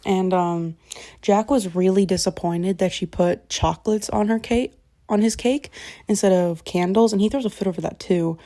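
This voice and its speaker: A woman's voice: mid-range voice, normal speed, dark tone. A young woman retelling a book in a casual, rambling way, swearing freely and often correcting herself. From Canada. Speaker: vlogger.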